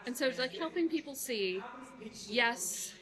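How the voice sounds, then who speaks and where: A woman with a New York accent gives an interview, her voice pitched a little high and full of effusive, quick asides. A busy crowd murmurs all around her at the event. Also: expressive, rough recording. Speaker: guest. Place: busy conference hall.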